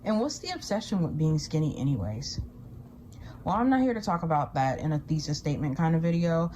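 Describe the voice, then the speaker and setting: A woman hosting an opinion commentary video, speaking in a measured way. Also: low-pitched, expressive, warm tone, a little hiss or hum. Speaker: commentary host.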